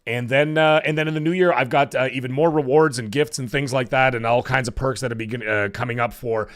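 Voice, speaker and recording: A man with a hoarse, cracking voice hosting a live stream, chatting casually and rambling with fillers as he thanks viewers. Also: mid-range voice, fairly even intonation, brisk. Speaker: livestream show host.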